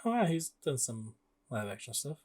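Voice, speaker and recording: A man's voice: medium pitch, big pitch swings, normal speed, a little mellow. A young man chatting casually about a video game as a podcast co-host, rambling with lots of fillers and frequent laughs.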